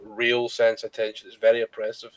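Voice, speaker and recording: A Scottish man chatting casually as co-host of a gaming talk show. His talk is relaxed and peppered with swearing, easy-going banter between friends. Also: lowish voice, fairly quick. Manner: sweary, laid-back banter. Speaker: podcast co-host. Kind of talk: casual chat.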